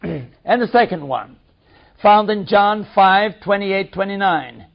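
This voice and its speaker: A man reading a study text aloud in a measured, deliberate way. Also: high-pitched, expressive, gravelly. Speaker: reader. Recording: dull lo-fi recording.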